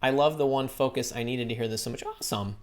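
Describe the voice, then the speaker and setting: A woman recruiter and career coach hosting a live-stream Q&A, chatty and energetic, greeting viewers by name and telling stories. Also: very deep voice, fast.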